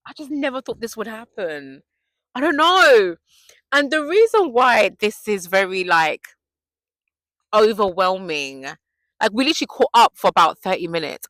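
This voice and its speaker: Young woman, faith vlogger: bright, lively, excitable delivery, dry close sound. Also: fairly low pitch, no room sound. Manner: gushing, excitable storytelling. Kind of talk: casual chat to camera.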